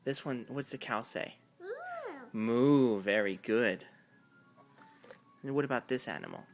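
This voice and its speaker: A father using baby talk with his toddler, praising her warmly and imitating animal sounds in a sing-song way. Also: medium pitch, unhurried, soft background music.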